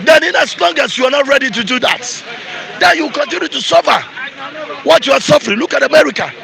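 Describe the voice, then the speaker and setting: A man's voice: very high-pitched, fast talker, creaky, bright, forceful tone, a faint crowd, poor audio. A Nigerian man with a Nigerian accent, giving an angry, repetitive rant in a street interview.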